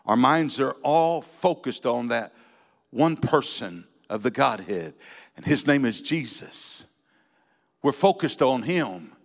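A man preaching a sermon in a church, building from steady teaching into fervent, emphatic exhortation. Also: mid-range voice, slow, gravelly. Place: church sanctuary. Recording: long reverb in a hall.

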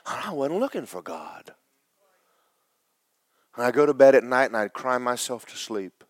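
A middle-aged male pastor preaching, his voice tearful, dropping to whispers and rising to loud cries. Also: mid-range voice, big pitch swings, takes it slowly, pauses often, no room sound. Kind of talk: sermon.

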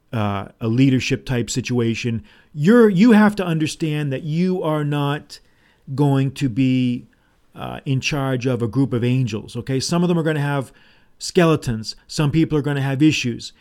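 A man's voice: medium pitch, darkish tone. A man hosting a solo podcast, talking in a casual, rambling way with restarts and asides. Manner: paraphrases movie dialogue in his own voice. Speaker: podcast host.

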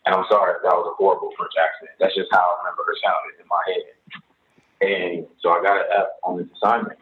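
A young man telling his life story as a guest, animated, jumping up in pitch when he retells moments. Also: fairly quick. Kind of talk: casual storytelling interview. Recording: tinny phone-like line with faint hiss.

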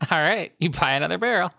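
A woman's voice: lowish voice, vocal fry, sharp tone, dry recording, clean studio sound. A woman game master narrating a tabletop game in a rambling way, with lots of restarts and laughs.

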